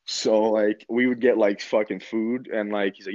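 A man in his twenties from Canada tells a story in a relaxed, rambling way, swearing constantly and saying "like" all the time. His voice sits on the low side. The recording is dry and a little dull. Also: normal speed, dry recording. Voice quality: laid-back, heavy swearing, lots of "like". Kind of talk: casual storytelling.

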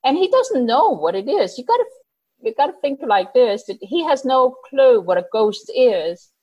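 A woman casually telling a personal story out loud, animated, laughing often and acting out the lines she quotes. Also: sits high, moderate pace, husky, muffled recording. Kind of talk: casual spoken anecdote.

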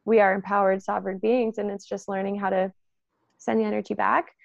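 A woman talking about energy and consent in a casual spiritual chat. She is animated and acts out the voices of the people she quotes, with a lot of "like" and "um". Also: medium pitch, a little fast, vocal fry, no room sound, highs cut off.

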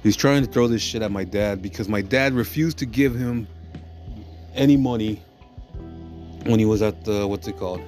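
A man hosting a podcast vents in an aggressive, swearing rant. He keeps filling his talk with "you know what I mean." His voice sits fairly low, with a little music faintly under it. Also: moderate pace, long pauses, darkish tone. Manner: filler-heavy, keeps asking "you know what I'm saying". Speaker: podcast host. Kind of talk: profane ranting monologue.

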